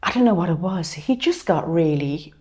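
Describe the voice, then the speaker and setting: A woman in her fifties co-hosts a relaxed chat show. Her voice sits on the low side, and she tells stories in a chatty, rambling way, full of fillers. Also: normal speed. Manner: chatty storyteller with frequent fillers. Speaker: co-host. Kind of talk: casual chat.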